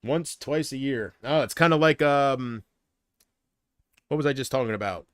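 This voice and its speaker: A man's voice: a little high, animated, fairly quick, clear, resonant tone, dry recording. A man on a casual livestream, rambling and unsure, drifting between thoughts while he answers viewer comments. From United States.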